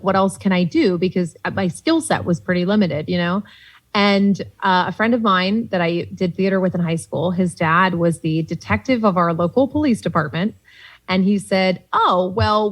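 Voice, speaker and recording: A young woman from Boston with a Boston accent, a comedian guest telling lively stories in casual podcast chat and acting out the voices she quotes. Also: lowish voice, low-quality recording.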